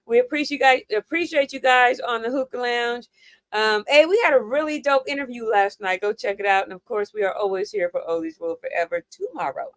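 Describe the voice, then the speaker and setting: A woman from New York hosting a casual chat show, chatty and quick to laugh. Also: a little high, lively intonation, dry recording. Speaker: show host.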